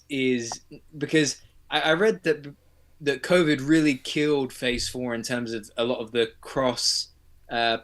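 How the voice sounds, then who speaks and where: Earnest male guest, mid-pitched. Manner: earnest, explains his thoughts with restarts and fillers. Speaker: guest on a toy collecting livestream. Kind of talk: casual chat.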